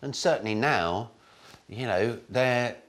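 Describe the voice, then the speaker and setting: A man in his forties, a comedian talking in a relaxed, rambling, self-deprecating way in an interview. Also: medium pitch, slow pace. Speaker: comedian guest. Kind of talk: casual interview.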